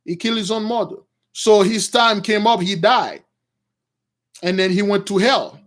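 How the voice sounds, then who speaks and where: A man's voice: sits high, normal speed. A man giving an informal sermon, retelling a story and calling his listeners brothers, with many fillers and restarts. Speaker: preacher.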